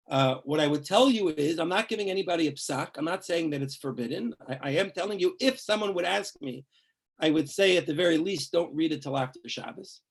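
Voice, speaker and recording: A man's voice: on the high side, husky. A man, a rabbi, teaching a class on religious law in a conversational, emphatic way, full of asides and rhetorical questions.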